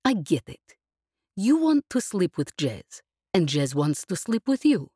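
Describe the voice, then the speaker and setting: A woman voicing a blunt, flat-spoken woman crewmate who leans hard on her words in an audiobook. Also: fairly low pitch, unhurried, slightly rough, dry recording, clean studio sound, exaggerated voice. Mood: stern. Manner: flat, forbidding, emphatic.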